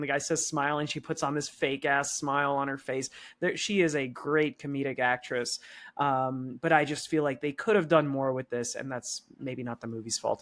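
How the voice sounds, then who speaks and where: Man, podcast co-host, casual chat, chatty, joking, hedging. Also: medium pitch.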